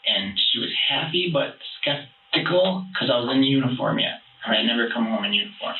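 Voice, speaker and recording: A man being questioned by detectives, telling his story in a halting, rambling way with many restarts, heard on a distant police interview room recording. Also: medium pitch, expressive, echoey room, phone-quality sound, slight background noise.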